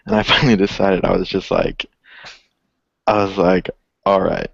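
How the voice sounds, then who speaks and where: A man telling a story in casual chat, profane and animated, acting out the other people's lines. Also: deep voice, moderate pace, vocal fry, no echo. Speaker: podcast co-host. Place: indoors, garage. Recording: dull, lo-fi dry recording.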